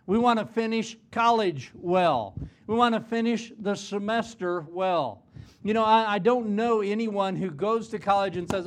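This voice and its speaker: High-voiced man preaching a sermon. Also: normal speed, a little hiss or hum. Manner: earnest preaching, repeats words at the start of phrases. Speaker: college president preaching in chapel. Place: chapel service before students.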